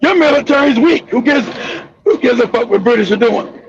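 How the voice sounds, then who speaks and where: A man hosting a political commentary show, ranting angrily with profanity and bursts of shouting. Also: very high voice, animated, fairly quick, gravelly, husky. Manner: angry, profane, shouting tirades. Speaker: host. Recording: dull lo-fi audio.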